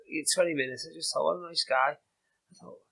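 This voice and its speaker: British man, somewhat high voice, bright tone, rambling casual storytelling. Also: fairly even intonation, fast, gravelly, low-quality recording. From Britain. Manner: rambling, many fillers and restarts. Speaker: ultra-distance runner, podcast guest.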